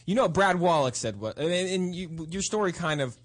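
A man's voice: high-pitched, animated, normal speed. Man chatting with hesitant restarts. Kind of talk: casual chat.

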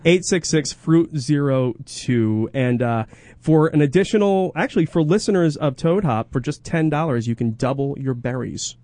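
A man's voice: on the high side, animated, moderate pace, warm tone, no room sound. A young man co-hosting a radio show, rambling and self-interrupting through casual banter and ad reads.

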